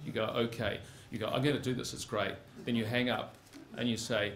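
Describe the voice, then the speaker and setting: A man's voice: medium pitch, level tone, brisk. A man telling a live story on stage in the second person, with a wry, punchy delivery. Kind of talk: live spoken-word storytelling.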